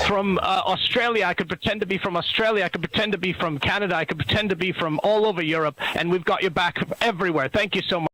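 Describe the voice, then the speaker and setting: A man talking in a played-back interview clip, halting and restarting, then thanking his listeners earnestly. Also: high voice, bright, forceful tone, poor audio. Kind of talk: conversational interview.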